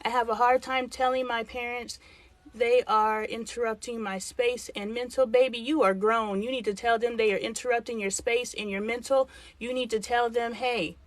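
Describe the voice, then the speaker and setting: A woman's voice: a little high, fairly even intonation, normal speed, dry recording. A middle-aged woman hosting a live talk stream, giving blunt, frank advice with mild swearing and acting out the lines of dialogue she quotes. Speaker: host.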